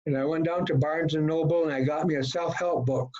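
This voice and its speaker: Middle-aged man, halting folksy storytelling. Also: on the high side, fairly even intonation, a little mellow. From Colorado. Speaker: recovery meeting speaker. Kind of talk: personal recovery story. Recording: dull lo-fi talk recording.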